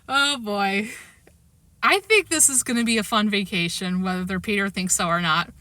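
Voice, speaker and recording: A woman reading a children's chapter book aloud in an expressive storytelling manner. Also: mid-range voice, moderate pace, no echo. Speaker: audiobook reader.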